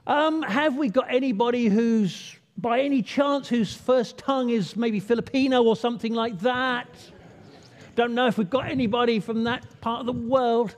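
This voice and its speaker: A man's voice: very high-pitched, moderate pace. A man, playful and chatty as he draws the congregation in. His voice rings out with a long reverb from a large church hall. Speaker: church leader. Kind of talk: all-age children's talk.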